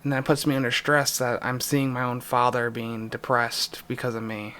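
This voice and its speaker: A young man in an emotional vlog confession, distressed and near tears, speaking haltingly with pauses and a voice that drops. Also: mid-range voice, flat delivery, bright, forceful tone. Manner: halting, pausing, voice dropping. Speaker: YouTuber.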